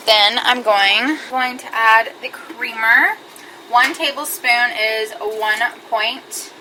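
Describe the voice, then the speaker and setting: A young woman talks to her camera at home in an upbeat, giggly way, drawing her words out slowly. Her voice sits a little high. The home recording carries a clear hiss of background noise. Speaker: vlogger. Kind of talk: casual chat to camera. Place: home kitchen.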